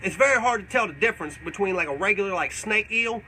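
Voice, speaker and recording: A man's voice: sits high, lively intonation, fast, bright, forceful tone, slight background noise, exaggerated voice, low-quality recording. A man playing a profane, rambling, boastful older backwoods man in a live comedic question-and-answer. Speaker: comedic character.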